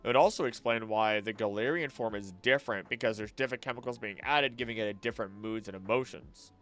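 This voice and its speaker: A man's voice: on the low side, quick pace, a bit bright, soft background music. A man, a streamer and voice actor, chatting casually and thinking aloud while he answers chat questions.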